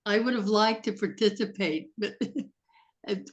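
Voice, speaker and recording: A woman's voice: mid-range voice, a little slow. A woman reader speaking candidly in a casual video call chat.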